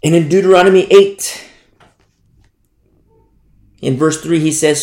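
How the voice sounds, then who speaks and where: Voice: mid-range voice, a little slow, pauses often, darkish tone, echoey room. A preacher teaching a Bible study sermon in an emphatic, repetitive way, raising the voice to stress points.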